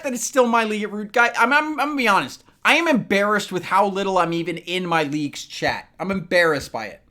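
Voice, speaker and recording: A man hosting a relaxed live stream from his home setup. He rambles and starts over, addressing his chat directly. He is a little loose from sipping bourbon. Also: high-pitched. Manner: rambling, talks to chat by name, tipsy from bourbon.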